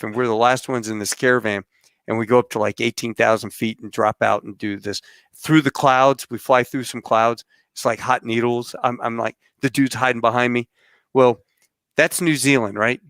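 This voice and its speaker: A male podcast host signing off his guests and telling a rambling, animated travel story. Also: mid-range voice, clear, resonant tone, no echo, clean studio sound. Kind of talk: casual interview sign-off and storytelling.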